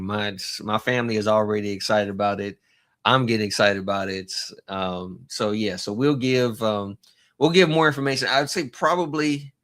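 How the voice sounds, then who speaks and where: A man's voice: fairly low pitch, fairly bright tone. Rambling man hosting a casual livestream. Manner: rambling, halting, greets chat viewers by name with chuckles. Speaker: livestream host.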